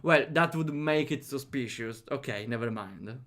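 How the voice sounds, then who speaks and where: A man's voice: medium pitch, moderate pace, a bit bright. A man streaming a visual novel, reading it aloud, chatting with viewers and laughing often.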